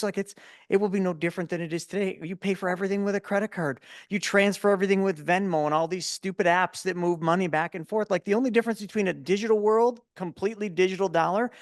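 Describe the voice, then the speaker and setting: Animated man in his forties. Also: a little high, no echo, clean studio sound. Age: 40s. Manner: animated storyteller, repeats words when starting. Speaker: guest. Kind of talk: casual interview talk.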